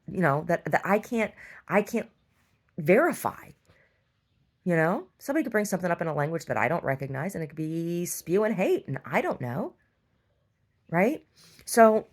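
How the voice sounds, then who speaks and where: A middle-aged woman who owns a store, telling a long rambling story and getting exasperated, with many restarts. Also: fairly low pitch. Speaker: store owner. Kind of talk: casual storytelling monologue.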